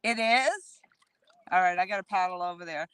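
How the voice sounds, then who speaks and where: A woman's voice: lowish voice, normal speed, fairly bright tone, smooth, no echo. Chatty woman live streaming from a kayak. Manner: chatty, talks straight to viewers. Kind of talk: casual live-stream chat. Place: outdoors on a lake, in a kayak. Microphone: handheld phone camera.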